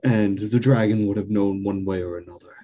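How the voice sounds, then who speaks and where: A man's voice: on the low side, fairly even intonation, a little fast, lo-fi sound. A man playing in a tabletop game, chatting in a hesitant way. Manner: hesitant, restarting. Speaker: player. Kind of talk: casual chat.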